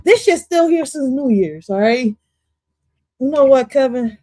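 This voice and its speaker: A woman streaming casual reaction commentary on an interview clip, loud, profane and playful, dropping in Spanish phrases. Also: high voice, animated, a little slow, a little hiss or hum.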